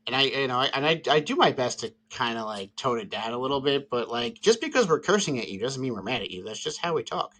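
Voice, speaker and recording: Bright tense-voiced guy from the northeast, teasing his friends on a podcast. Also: mid-range voice, animated, fast, hardly any pauses. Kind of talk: casual chat.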